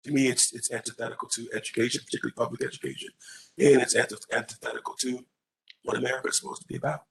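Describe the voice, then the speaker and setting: A man running as a candidate tells an animated story in reply to an audience question at a public college forum. His medium-pitched, creaky voice moves very fast, he repeats words whenever he restarts, and the recording is rough.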